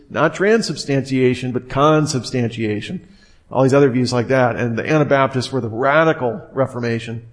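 A man giving an informal teaching talk. He speaks conversationally and with animation, at times acting out quoted speech. His voice sits in a middle range. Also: medium pitch. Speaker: Bible teacher.

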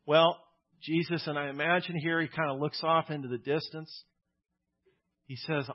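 A man's voice: a little high, fairly even intonation, normal speed, pauses often, highs cut off. A male pastor preaching a sermon in a plainspoken, conversational way, with casual asides.

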